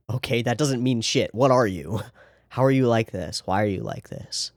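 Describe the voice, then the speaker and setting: A man's voice: fairly low pitch, very animated, unhurried, gravelly, no room sound, studio quality. A man hosting an anime reaction, talking through the episode in a casual, sarcastic way with rambling asides.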